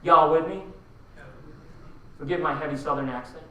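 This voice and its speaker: High, bright-voiced man in an echoey hall. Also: moderate pace, far from the mic. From Philippines. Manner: punchy, rhetorical, asks the audience questions. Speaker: keynote speaker. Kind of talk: energetic conference keynote. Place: large conference hall.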